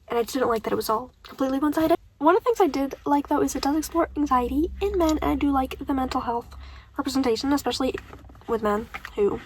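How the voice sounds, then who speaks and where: High-voiced young woman, chatty book vlogger. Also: fast, a little hiss or hum, poor audio. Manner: animated, ranting, laughs often. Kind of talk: casual reading vlog. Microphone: phone camera.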